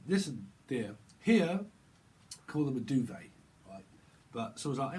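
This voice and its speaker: A man's voice: mid-range voice, sing-song, measured pace, a little mellow. A man giving a rambling tarot reading to camera, playing with words and breaking into chuckles and silly voices. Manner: playful, free-associating wordplay. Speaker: tarot reader.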